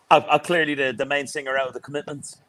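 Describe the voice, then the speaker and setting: A man's voice: mid-range voice, level tone, a little fast, fairly bright tone. A man with an Irish accent, co-hosting a casual chat show, laid-back and matey. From Dublin, Ireland. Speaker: co-host.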